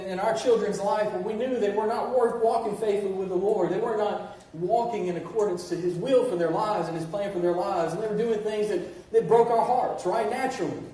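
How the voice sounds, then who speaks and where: A man's voice: high-pitched, mellow. Man preaching in a very echoey church. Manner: preaching with repeated "church" call-outs and restarts. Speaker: pastor. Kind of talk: sermon. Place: church sanctuary. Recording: very echoey, distant church recording with faint noise.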